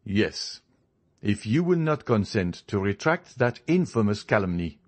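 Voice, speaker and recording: A man's voice: on the low side, big pitch swings, measured pace. A man voicing a proud young nobleman in an audiobook, demanding and insistent, his anger held in. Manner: insistent, demanding, stifled rage. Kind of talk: audiobook character reading.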